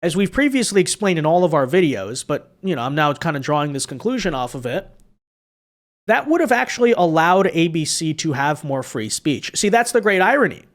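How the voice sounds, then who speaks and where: A man's voice: a little high, very animated, a little fast, a bit bright. A man hosting a political commentary monologue, sarcastic and mocking, tagging his points with rhetorical questions and sounding weary. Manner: sarcastic, mocking, tags lines with "right?".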